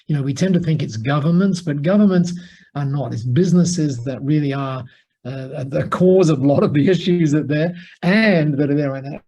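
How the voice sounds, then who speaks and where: An Australian man, a podcast guest, telling a story in an animated way and chuckling often. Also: medium pitch.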